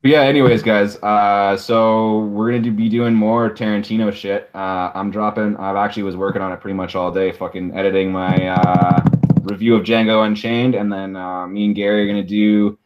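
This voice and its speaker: Laid-back low-voiced podcast host man. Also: little pitch movement, a little fast, highs cut off. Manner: laid-back, swears often, filler-heavy. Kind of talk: casual movie podcast chat.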